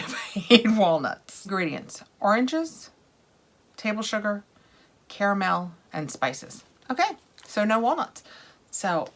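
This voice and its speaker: A woman's voice: deep voice, fairly bright tone, slight background noise. A woman in her thirties chatting through an unboxing, gushing and laughing, sometimes dropping to a whisper. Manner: chatty, gushing, laughs often, drops to whispers while sniffing. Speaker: unboxing vlogger. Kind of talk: casual unboxing chat.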